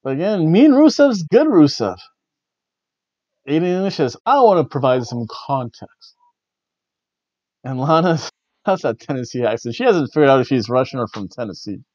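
A man's voice: on the high side, sing-song, fairly quick, a little mellow, no room sound, lo-fi sound. A man hosting a wrestling review show, rambling in casual chat with wry, jokey asides. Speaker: wrestling review podcast host.

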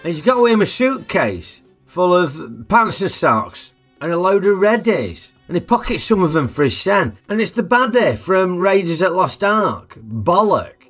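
Chatty man, lively pitch. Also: a little slow, hardly any pauses, soft background music. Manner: chatty, jokey, asks tag questions. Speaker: film reviewer. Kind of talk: casual film review narration.

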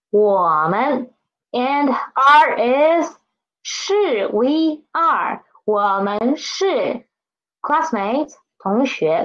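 A woman's voice: fairly high pitch, highs cut off. A woman teaching a beginner Mandarin lesson, drilling words patiently and repeating them for learners to echo. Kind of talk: online language lesson.

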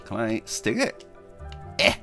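Excitable man playing a game. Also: lowish voice, normal speed, faint music behind. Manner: excitable, squeals with delight, chatty. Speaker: gaming video host. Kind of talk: let's play commentary.

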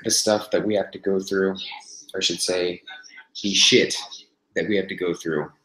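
A man's voice: low-pitched, steady tone, moderate pace, fairly bright tone. A man hosting a casual livestream for his viewers while in pain from a burned hand, groaning, sighing and swearing between remarks. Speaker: vlogger host. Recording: echoey room, faint noise.

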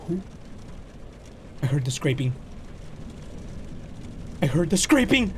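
Panicky high-pitched man gaming. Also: sing-song, normal speed, pauses often, slight background noise. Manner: panicky, yelping, swears, mixes in Spanish. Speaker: gaming YouTuber. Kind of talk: horror game playthrough commentary.

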